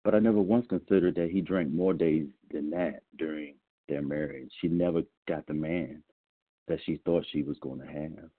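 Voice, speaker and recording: A man from South Carolina reading aloud and then sharing his story in a halting way, with many restarts. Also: very deep voice, breathy edge, no echo. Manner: halting, frequent "you know" and restarts. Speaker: meeting reader and sharer. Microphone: phone. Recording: tinny phone line.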